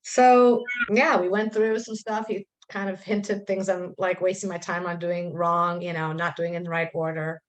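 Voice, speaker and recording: A woman's voice: lowish voice, normal speed, few pauses. A middle-aged woman on a video call, chatting emotionally and at length about her coaching journey, often acting out what she and others said. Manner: talkative, animated, quotes herself and others. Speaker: coaching student sharing her story.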